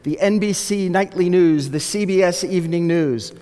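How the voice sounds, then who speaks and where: Animated male storyteller in a reverberant hall. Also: sits high, normal speed, smooth. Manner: animated, acts out the people he quotes. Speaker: speaker telling his life story. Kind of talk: storytelling talk.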